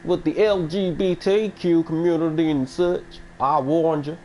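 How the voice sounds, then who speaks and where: A man voicing a blustering Southern American man with a put-on Southern US accent, drawling slowly and warning. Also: fairly high pitch, fairly even intonation, darkish tone, a little hiss or hum, pitched above the performer's own voice, natural voice, rough recording. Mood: threatening.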